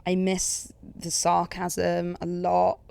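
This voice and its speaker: A woman's voice: lowish voice, monotone, slow pace, vocal fry, darkish tone, smooth. A young woman from England with an Essex accent, chatting casually as a podcast guest, full of "like" and sarcastic asides. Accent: English, Essex.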